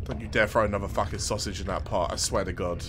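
A man's voice: lowish voice, fairly even intonation, quick pace, background noise. A man streaming a horror game, reacting with swearing and frequent laughter. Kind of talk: live game commentary.

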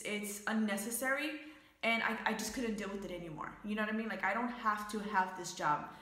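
A woman's voice: a little high, fairly bright tone, roomy sound. An American woman, a young adult, angrily venting to her viewers about her job in a casual, swearing way. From United States. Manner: angry, profane storytelling. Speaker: vlogger.

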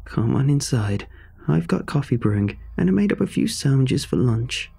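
A man's voice: mid-range voice, sing-song, normal speed, gravelly, dark tone, husky, full character voice. A man voicing a cheerful, slightly manic aunt who is an inventor changed by a meteor, chatty and rambling, with faint music behind. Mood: welcoming.

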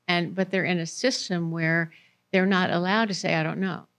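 A woman's voice: lowish voice, fairly even intonation, normal speed, a bit bright. A woman giving a conversational presentation to parents in a library meeting room, putting questions to the audience.

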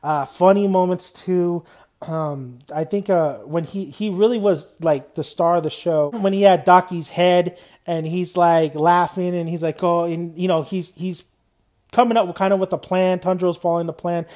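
A man's voice: high-pitched, steady tone, normal speed, darkish tone. A young man giving a casual, unscripted anime review, rambling loosely and dropping "man" and "you know" often.

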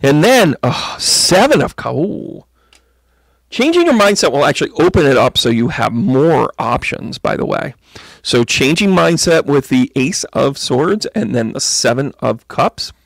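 A man's voice: sing-song, a little slow, gravelly, no room sound. A man giving a casual, joking tarot reading to viewers on a livestream, chatty and playful. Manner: jokey, chatty, slips into silly high voices.

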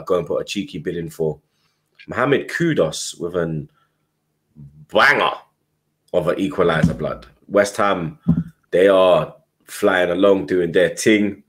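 A man's voice: sits low, expressive, unhurried. A man hosting a casual football podcast, swearing and teasing his co-hosts. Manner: swears a lot, teasing, loud. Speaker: podcast host.

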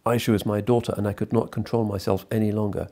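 Man reading as an older desert chief in grief, deep mellow voice, restrained. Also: flat delivery, fast talker, lightly acted. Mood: grave. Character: grieving Libyan tribal chief, older man.

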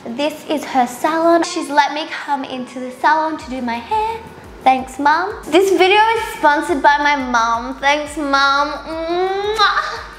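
A woman's voice: sits high, expressive, moderate pace, hardly any pauses. A tired young woman chatting casually through a hair tutorial in a salon, rambling and poking fun at herself. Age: young adult. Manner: chatty, self-mocking, giggly, rambling. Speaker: beauty vlogger. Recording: roomy salon with music underneath.

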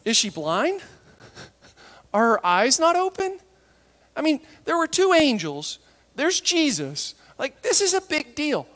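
Animated woman preaching in an echoey hall. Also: high voice. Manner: lively and conversational, acting out the disciples and Mary in quick asides. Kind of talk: sermon.

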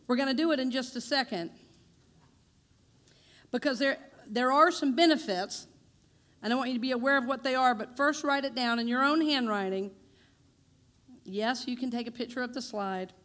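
A woman's voice: sits high, moderate pace, long pauses, a bit bright. A woman minister giving a chatty, conversational sermon in a church, joking with her congregation. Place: church sanctuary.

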